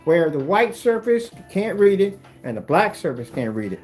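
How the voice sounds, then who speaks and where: A man demonstrating projector screen paint in a combative, animated way, talking straight to his critics. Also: sits high, normal speed, few pauses, husky, soft background music. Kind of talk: product demonstration rant.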